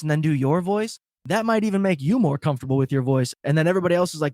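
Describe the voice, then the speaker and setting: A male podcast co-host and stand-up comic in casual comedic chat, cheerful and animated, laughing often and swearing freely. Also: on the high side, fast talker, few pauses, no echo, clean studio sound.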